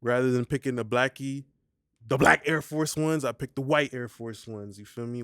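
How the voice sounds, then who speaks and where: A man's voice: mid-range voice, a bit bright, clear, resonant tone, no echo, clean studio sound. A man hosting a casual vocal mixing tutorial, talking in a slangy, laid-back way and often asking "you feel me". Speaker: mixing engineer tutorial host.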